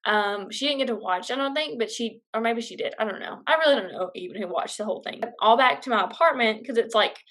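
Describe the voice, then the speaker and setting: A woman's voice: mid-range voice, a bit bright. A young woman vlogger casually telling a personal story, chatty and full of fillers. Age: young adult.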